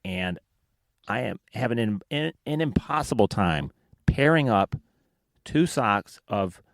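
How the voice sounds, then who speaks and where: A man's voice: fairly low pitch, animated, takes it slowly, vocal fry, no echo, clean studio sound. A man with a Southern American accent hosting a casual podcast, telling rambling, self-deprecating stories. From Alabama, United States. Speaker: podcast host.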